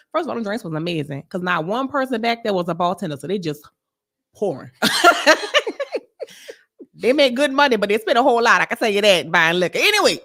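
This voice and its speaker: Animated, bright-voiced woman telling a story. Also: fairly high pitch. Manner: animated, laughing, blunt storyteller. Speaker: podcast co-host. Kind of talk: casual storytelling chat.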